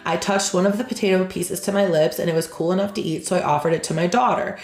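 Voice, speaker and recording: A woman hosting a reaction channel who reads aloud and tells stories casually, frank and animated, acting out the people she quotes. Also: fairly low pitch, fast. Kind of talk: reading aloud then casual storytelling. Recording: echoey room with faint music.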